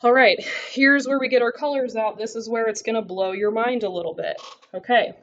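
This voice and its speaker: A brisk woman with a somewhat high, slightly bright voice writes and explains her way through math notes in a video lesson, checking in often with "okay?". The lo-fi, slightly dull recording carries a little hiss or hum.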